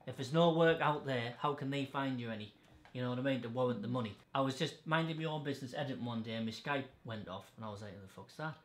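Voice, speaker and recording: Male podcast host, blunt and sweary, mid-pitched, echoey room. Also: fast, few pauses. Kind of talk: casual chat.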